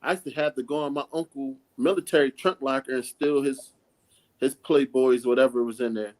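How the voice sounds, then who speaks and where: A man's voice: mid-range voice, fairly even intonation, brisk, rough recording. Straight-talking middle-aged man, earnest. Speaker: coach, mentor. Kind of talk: casual podcast conversation.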